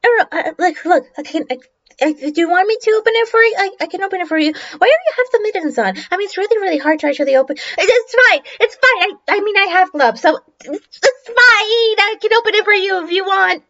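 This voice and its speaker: A woman's voice: extremely high pitch, huge pitch swings, very slow, long pauses, fairly bright tone, pitched above the performer's own voice, full character voice. A woman voicing a blunt young girl who gets flustered and stumbles over her words. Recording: dull lo-fi mic.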